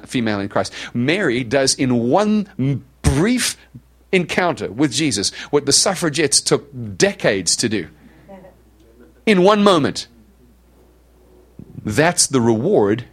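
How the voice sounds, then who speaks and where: A middle-aged male pastor delivering a sermon with a conversational, animated style. He questions his listeners directly and slips into softer, lower tones when he quotes other people. His voice sits in an ordinary middle pitch for a man. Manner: conversational preaching, asks the congregation questions.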